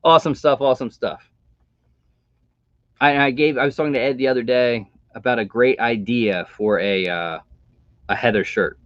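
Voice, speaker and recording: A man's voice: mid-range voice, normal speed, no room sound. Chatty man hosting a live stream. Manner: relaxed, rambling, chatty. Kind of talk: casual live stream chat. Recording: dull dry home mic sound.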